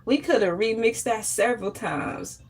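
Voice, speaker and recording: A woman hosting a casual morning livestream chat, playful and animated, often jumping into high squeals. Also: normal speed, a little hiss or hum. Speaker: livestream host.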